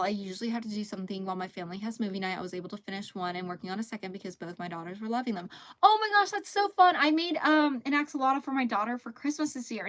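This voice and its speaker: A woman in her thirties hosting a relaxed live crochet stream, chatting casually, reading chat messages aloud and laughing often. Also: mid-range voice.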